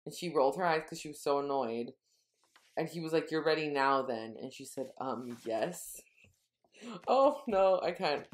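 Low-voiced woman recapping a book. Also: expressive, moderate pace, a little hiss or hum. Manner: retells scenes, quoting dialogue in a low murmur. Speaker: podcast co-host. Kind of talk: casual book-recap chat.

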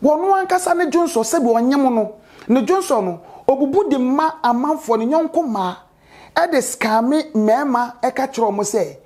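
A woman's voice: fairly high pitch, darkish tone. A woman presenter with a Ghanaian accent introducing a news story, mixing English and Twi. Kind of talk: news narration.

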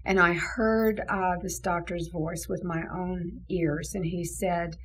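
A woman's voice: lowish voice, steady tone, takes it slowly, a little hiss or hum, low-quality recording. A woman who leads a mission, telling an earnest faith testimony with many fillers. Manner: earnest, emotional, full of fillers. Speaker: ministry leader. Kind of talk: testimony storytelling.

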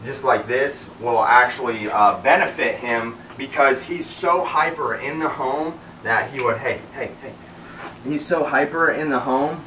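A man's voice: medium pitch, a little slow, few pauses, sharp tone, reverberant, far from the mic, slight background noise, poor audio. A man working as a dog trainer, explaining his method while giving the dog commands mid-sentence, with many fillers.

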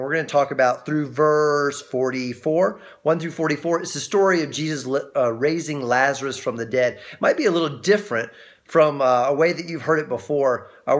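In a mid-range voice, this man teaches a Bible passage as a pastor would, chatty and prone to frequent restarts. He livens up whenever he performs the voices he quotes.

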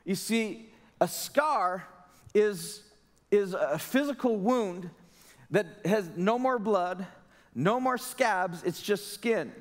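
Man, pastor, sermon, somewhat high-pitched, earnest conversational preaching, reverberant church hall. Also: animated, takes it slowly. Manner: earnest, conversational preaching with emphatic rhetorical questions. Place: church sanctuary.

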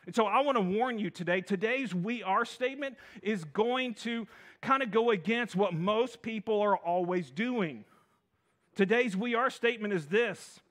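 A man preaching a sermon as a minister in a church, energetic, calling out to the congregation and often repeating and restarting his phrases. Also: high-pitched, moderate pace. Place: church sanctuary.

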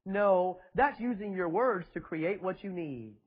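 A man's voice: high-pitched, unhurried, slightly rough, muffled recording. A male preacher, preaching a sermon in a mocking, sarcastic way with emphatic repetition, in a church with children present.

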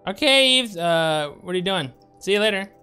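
A man's voice: high-pitched, animated, moderate pace, sharp tone, clean tone, soft background music. A man streaming a game live, making sarcastic jokes and swearing a lot when he gets frustrated. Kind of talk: live gameplay commentary.

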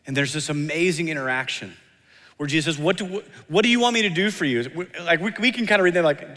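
A male pastor delivers an earnest sermon, driving his points home by repeating them. His voice sits a little high. The sound carries a long reverb from the church sanctuary. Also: animated, a little fast, a bit bright. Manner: earnest, acts out quoted voices, emphatic repetition.

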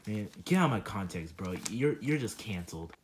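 A man's voice: on the low side, very animated, fairly quick, slight background noise. A man doing a scornful puppet teen. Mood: accusing. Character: judgmental teen puppet boy, quick to accuse. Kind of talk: comedic puppet skit voice.

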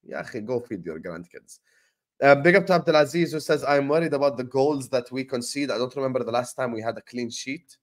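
Young guy doing a football stream, slangy, hyped shout-outs, average pitch. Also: fairly quick. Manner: animated, slangy, shouts out viewers. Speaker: host. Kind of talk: casual live-stream football chat.

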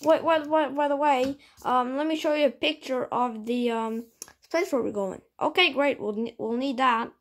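A woman's voice: sits high, normal speed. A woman voicing toy figures in a playful stop-motion play, switching between characters in dialogue.

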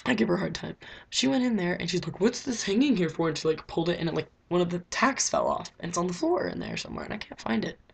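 Teen girl, low husky voice, gravelly, rambling casual vlog, webcam in her bedroom. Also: wildly swooping pitch, quick pace. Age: teens. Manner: chatty, rambling, lots of "like" fillers. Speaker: vlogger.

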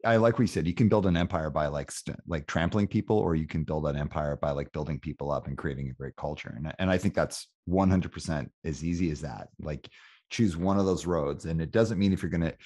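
A man hosting a podcast and telling a story in a chatty, animated way. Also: very deep voice, brisk. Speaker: podcast host. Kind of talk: casual storytelling in an interview.

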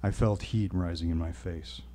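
A man telling a personal story at a live reading, with wry, deadpan humor. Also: sits low, normal speed. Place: stage at a live show.

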